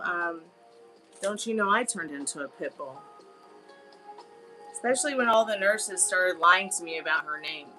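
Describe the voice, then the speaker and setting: A woman's voice: mid-range voice, sharp tone, low-quality recording. A woman hosting a live tarot stream, telling a rambling story in a chatty, casual way. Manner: chatty, rambling, with filler words. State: on a crutch.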